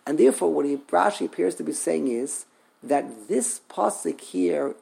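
A man's voice: on the high side, lively intonation, normal speed, vocal fry, warm tone, slightly rough. A man teaching a text study class, thinking aloud, repeating words and asking rhetorical questions.

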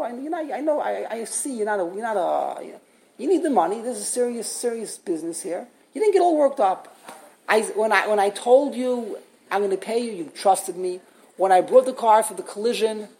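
A woman's voice: medium pitch, warm tone, natural voice. A woman voicing an earnest, apologetic male schoolteacher. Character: humble male yeshiva teacher, apologetic, sincere.

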